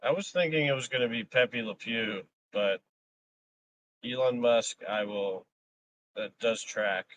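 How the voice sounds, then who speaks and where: A man's voice: medium pitch, unhurried, a bit bright, dull audio, a little hiss or hum. A man joking around and rambling in casual live stream banter, laughing often.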